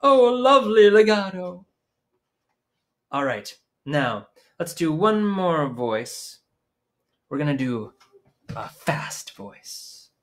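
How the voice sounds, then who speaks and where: A man's voice: fairly high pitch, sing-song, very slow, pauses often. A man teaching young children music over a live stream from home, talking playfully and singing a silly song between explanations into a microphone on a stand.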